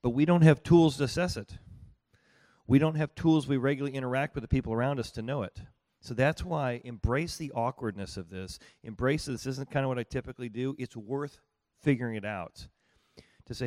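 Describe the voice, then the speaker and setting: A man's voice: mid-range voice, brisk, warm tone, no echo. A man leading a live group workshop, talking conversationally and often repeating and restarting his phrases, with a dry, close sound. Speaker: workshop leader. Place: room with small groups at tables.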